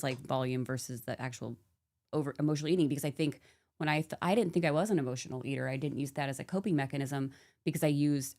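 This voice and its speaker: A woman's voice: low-pitched, vocal fry, a little mellow. A woman in a casual podcast chat, rambling and thinking aloud, filling her talk with "like".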